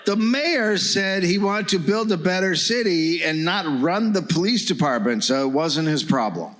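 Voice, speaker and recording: Live comedy podcast host, American man, lively swooping delivery, slightly higher voice, storytelling on stage. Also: normal speed, slight background noise. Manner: animated, swearing, riffing with the crowd. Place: live stage before an audience.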